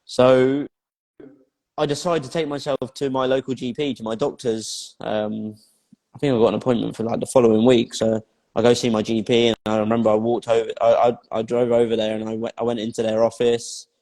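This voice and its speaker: A man, a life coach being interviewed, recounts his story in a blunt, plain-spoken way, swearing freely and hammering points home through repetition. His voice sits at an ordinary male pitch, and a long reverb tail hangs after each phrase as if he is in a large, hard room. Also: little pitch movement, brisk, darkish tone.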